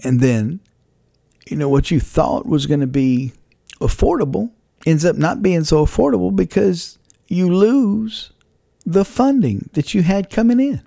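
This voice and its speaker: A man's voice: sits high, animated, unhurried, creaky, dark tone, no room sound, clean studio sound. A man hosting his own podcast, telling a rambling personal story about faith and setbacks, chuckling as he goes. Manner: conversational, rambling, chuckles often, faith-based reflection. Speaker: podcast host and radio broadcaster. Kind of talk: personal reflective monologue.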